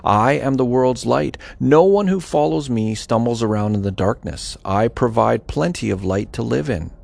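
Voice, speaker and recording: Solemn, measured prophet-teacher voiced by a male reader in a scripture reading, gravelly tone. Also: mid-range voice, animated, a little mellow.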